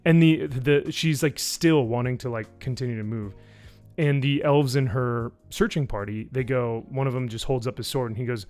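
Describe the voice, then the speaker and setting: A man's voice: medium pitch, normal speed, a little mellow, soft background music. Rambling, sarcastic man recapping a show. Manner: rambling, sarcastic and profane, with many fillers. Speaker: YouTube reviewer on a live stream. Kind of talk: casual live-stream plot recap.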